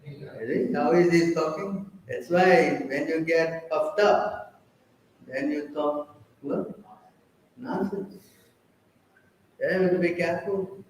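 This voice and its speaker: A man's voice: fairly high pitch, slow pace, pauses often, heavy reverb, far from the mic, a little hiss or hum, low-quality recording. A man giving a scripture class, firing questions at his listeners and teasing them when they don't answer. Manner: quizzes and teases listeners. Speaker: preacher.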